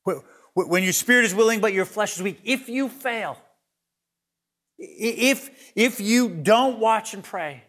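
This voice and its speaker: High-voiced earnest male preacher. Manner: earnest, repeats words as he builds each point; swings between loud emphasis and soft hushed lines. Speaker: pastor. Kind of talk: sermon.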